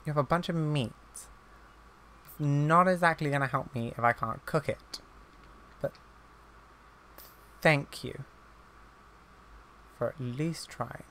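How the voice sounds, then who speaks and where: A man with a bright, ringing voice that sits a touch high for a man. He chats casually through his own gameplay as a let's-play commentator and gets flustered fast, piling up exclamations whenever the game goes against him. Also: steady tone, a little hiss or hum. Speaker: gaming YouTuber.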